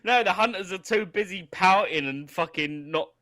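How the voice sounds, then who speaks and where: A man's voice: high voice, normal speed, bright, forceful tone. A man co-hosting a podcast, chatting casually, swearing and laughing a lot as he acts out quotes. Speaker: podcast co-host. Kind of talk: casual chat, movie review.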